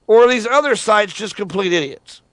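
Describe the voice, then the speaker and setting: A man's voice: high-pitched, expressive, normal speed, a bit bright, no room sound. A man hosting a call-in radio show, joking and opinionated. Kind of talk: casual call-in radio talk.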